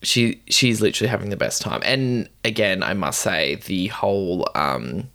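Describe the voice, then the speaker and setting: A podcast co-host in casual chat, animated, laughing often and full of fillers. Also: deep voice, moderate pace.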